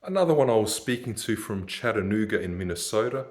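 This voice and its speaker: A man's voice: on the low side, expressive, fast, darkish tone. A man, ranting in a rambling, sardonic monologue and laughing at his own jokes. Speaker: vlogger.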